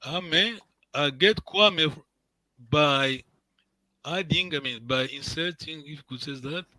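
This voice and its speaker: A man leads a language lesson in a bright, slightly high voice, recorded dry and close. He is patient and encouraging, repeating each word and checking in with his students as he goes. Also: takes it slowly, no room sound, rough recording. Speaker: language teacher. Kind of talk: online language class.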